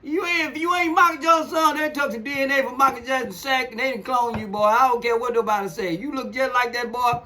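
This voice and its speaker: A man's voice: extremely high pitch, quick pace, hardly any pauses, sharp tone. An older man co-hosting a casual podcast, blunt and rambling, laughing often. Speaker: podcast co-host, father. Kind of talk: casual sports chat.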